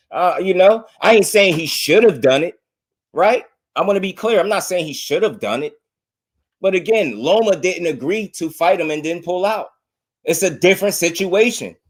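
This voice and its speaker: A young man talks on a live boxing reaction stream. His voice sits on the higher side. He argues hard, circles back to the same points and keeps addressing the chat as "bro.".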